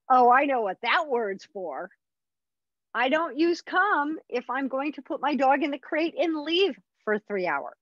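A woman's voice: high-pitched, no echo, highs cut off. A woman dog trainer teaching a puppy class in a chatty, upbeat way. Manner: chatty, upbeat instructor who acts out dog voices.

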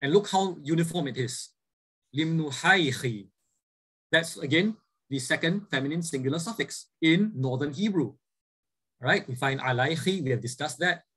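A man's voice: a little high, lively intonation, normal speed, fairly bright tone, husky, poor audio. A man lecturing a class, explaining points and often checking in with "right?" as he goes. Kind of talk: classroom lecture with student questions.

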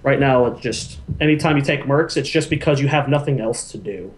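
A man's voice: medium pitch, fairly quick. Opinionated man talking game balance. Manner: opinionated, suggests game fixes. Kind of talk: casual gaming podcast chat.

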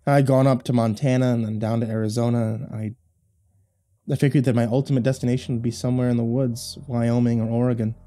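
A man reading a first-person horror story aloud, measured with dramatic swells. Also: mid-range voice, flat delivery, warm tone.

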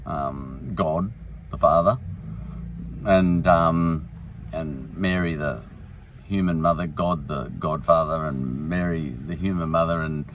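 A man's voice: a bass voice, slow, recorded from a distance, narrow, tinny audio, slight background noise. A man hosting a podcast, rambling through a casual, irreverent monologue. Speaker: podcast host.

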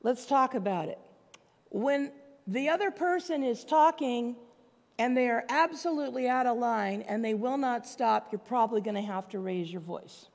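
A woman's voice: fairly high pitch, normal speed, vocal fry. A woman pastor giving a sermon in a conversational, plainspoken way, with asides to the congregation. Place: church sanctuary. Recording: long church hall reverb.

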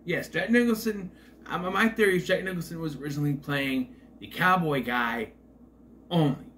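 A man's voice: a little high, moderate pace, a bit bright, slight background noise. A man casually rambling through a movie rundown, hesitant and wry with frequent asides. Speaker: movie reviewer.

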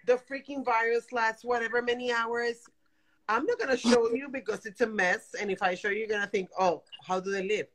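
A woman in her fifties speaks over a phone video call from her apartment. Her voice sits a little high, and she talks in rapid, animated bursts full of exasperation. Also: rough recording. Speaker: guest caller. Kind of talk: emotional live-stream chat. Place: home apartment.

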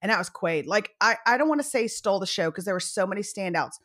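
A middle-aged woman co-hosting a casual podcast chat. She talks in a chatty, playful way with quick comic asides. Her voice sits at an ordinary middle pitch. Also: animated, a bit bright. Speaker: podcast co-host.

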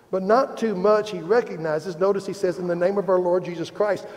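A man's voice: high-pitched, a little mellow. A man with a Midwestern American accent preaching a sermon as pastor, earnest and self-deprecating, rising in emphasis as he presses a point. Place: church sanctuary. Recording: long hall reverb.

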